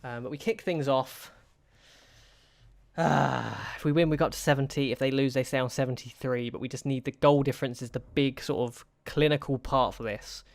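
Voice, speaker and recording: Smooth-voiced man fretting over a football sim. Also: mid-range voice, fairly even intonation, a little slow, no echo. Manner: anxious, pleading, talks to his players. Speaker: gaming YouTuber. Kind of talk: casual gameplay commentary.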